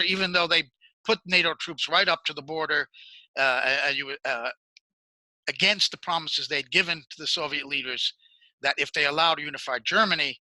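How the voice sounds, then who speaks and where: A man's voice: a little high, sharp tone, no echo, poor audio. A man interviewing a guest, asking long, earnest multi-part questions. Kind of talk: political interview.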